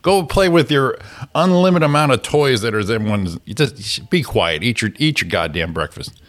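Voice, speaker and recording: A man's voice: mid-range voice, lively intonation, moderate pace, a bit bright. A man co-hosting a morning show, ranting with a grumpy, profane manner and stammered restarts. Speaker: co-host. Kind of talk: casual chat. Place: radio studio.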